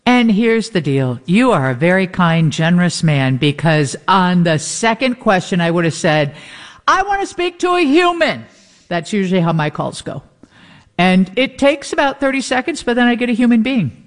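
Lively woman with echoing reverb. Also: fairly low pitch, normal speed. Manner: upbeat, rundown of the day's guests. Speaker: radio show co-host. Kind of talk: casual on-air chat.

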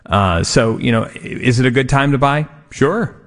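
A man who buys coins and jewelry, talking on a radio show as a guest and often stopping to restart his sentences. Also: medium pitch. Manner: halting, restarts, agreeable. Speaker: studio guest, coin and jewelry buyer. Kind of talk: radio talk. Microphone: studio microphone.

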